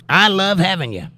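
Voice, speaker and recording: A man's voice: high voice, slight background noise. A man hosting a casual livestream, reading viewers' comments aloud and chatting back to them. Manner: chatty, reads comments and answers them warmly. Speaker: livestream host.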